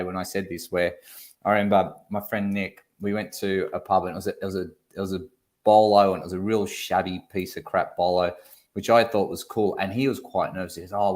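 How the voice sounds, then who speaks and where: An Australian man co-hosting a casual online chat show, telling a story with lively energy and casual swearing. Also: low voice. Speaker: co-host.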